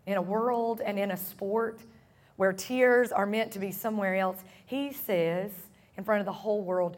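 A woman pastor preaching a sermon to her congregation, earnest and repeating phrases for emphasis, slowing and softening on her key lines. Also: mid-range voice. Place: church service room.

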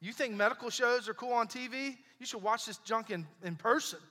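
Bright-voiced pastor preaching. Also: male voice, extremely high pitch, a little fast, big-room sound. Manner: conversational, emphatic preaching with repetitions. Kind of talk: sermon. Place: church sanctuary.

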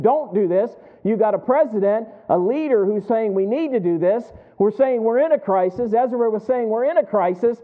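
Man, pastor, sermon, call-and-response questions, very high pitch, phone-like sound. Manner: preaching, asking the congregation call-and-response questions.

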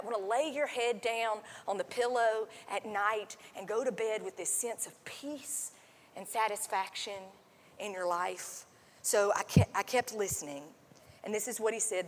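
A woman pastor giving a sermon in a conversational, chatty way, full of fillers, sometimes dropping to a soft hush. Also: mid-range voice, moderate pace. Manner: conversational, many fillers like "like" and "um", drops to a soft hush when quoting. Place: church sanctuary. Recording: long hall reverb.

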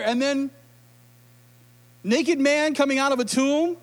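A man preaching a sermon, telling stories in an animated, emotional, conversational way. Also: extremely high pitch, normal speed. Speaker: pastor.

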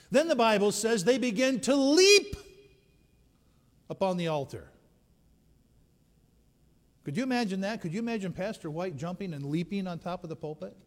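A high-pitched man preaches a slow, unhurried sermon that swings between shouted climaxes and near-whispers. His voice rings through a church sanctuary with a long echoing tail. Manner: dramatic storytelling, swinging from shouts to hushed tones. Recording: long reverb of a large hall.

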